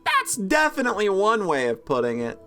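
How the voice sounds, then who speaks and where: A man reads a visual novel's story text aloud in a lively, swooping voice, breaking in with sarcastic jokes. Game music plays faintly behind him. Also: high-pitched, moderate pace. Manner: sarcastic, joking asides. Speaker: let's play host.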